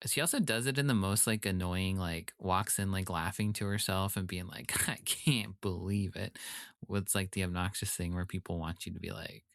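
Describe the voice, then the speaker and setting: Low-voiced man, wry podcast co-host. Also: fairly quick, creaky, hardly any pauses, a bit bright, clean tone, no room sound, studio quality. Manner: wry, laughs, mimics characters in quotes. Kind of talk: casual chat.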